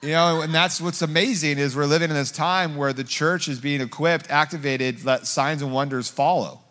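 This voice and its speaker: A middle-aged man preaching as a guest pastor, telling a story in a rambling, filler-heavy way and getting animated when he quotes himself. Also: fairly high pitch, moderate pace. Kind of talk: conversational sermon storytelling. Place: church sanctuary. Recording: long hall reverb.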